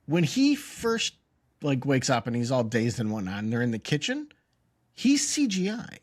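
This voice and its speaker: Male podcast co-host, husky, animated pitch, casual debating chat. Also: moderate pace. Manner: lively, argues points back and forth.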